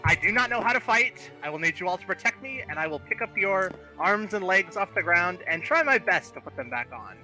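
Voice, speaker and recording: Bright, nervous-sounding man player. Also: sits high, very animated, a little fast, few pauses, soft background music, low-quality recording. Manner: nervous, hesitant, joking. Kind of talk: in-character tabletop role-play.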